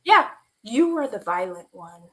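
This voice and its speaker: A woman telling an emotional personal story as a guest, animated and quoting the people in it, laughing at times and close to tears. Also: on the high side, a little slow. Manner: animated retelling with quoted dialogue, laughing and near tears. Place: online stream.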